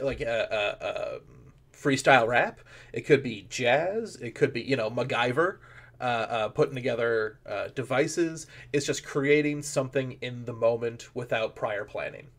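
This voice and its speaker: A man's voice: mid-range voice, normal speed, fairly bright tone. A man, a comedian and improviser, talking as a podcast guest and rambling through his points with lots of fillers and restarts. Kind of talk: casual podcast interview.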